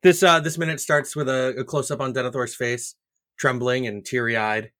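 A man's voice: medium pitch, fairly even intonation, normal speed, a bit bright. A man hosting a casual podcast, chatting and joking with his co-hosts. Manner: jokey, riffs with silly put-on voices. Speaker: podcast host. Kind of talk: casual chat.

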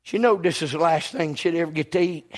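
A man preaching a storytelling sermon, folksy and emphatic, dropping to a hush and rising to a shout. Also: a little high, fairly quick.

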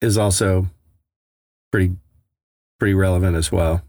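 A man co-hosting a podcast, talking in a halting, reflective way in casual chat. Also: low-pitched, steady tone, warm tone, slight background noise. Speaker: podcast co-host.

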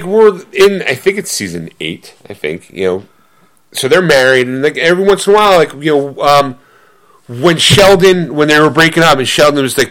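A man co-hosting a podcast and rambling through casual chat, filling his sentences with "like" and "you know." His voice sits a little higher than average, and his pitch swings widely as he talks. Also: a bit bright. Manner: rambling, lots of fillers and laughs. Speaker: podcast co-host.

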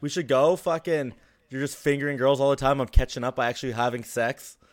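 A man's voice: medium pitch, fairly even intonation, fairly quick. A man joining a casual podcast chat with blunt, crude banter.

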